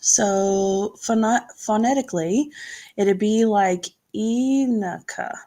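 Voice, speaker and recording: Woman craft-stream host, a bit high-voiced, unhurried, chatty, reads out comments and laughs easily. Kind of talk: casual live-stream crafting chat.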